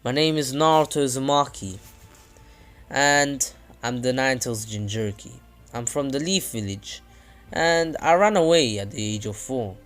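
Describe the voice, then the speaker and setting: A man voicing a solemn masked young male leader who speaks in a posh, measured way, with faint music behind. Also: medium pitch, animated, a bit bright.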